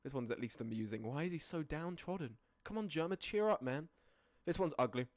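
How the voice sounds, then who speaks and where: A streamer casually ranking images, often breaking into high laughing fits and then dropping into low, sweary mutters. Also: lively intonation, fairly quick, dry recording, studio quality. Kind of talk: casual live-stream commentary.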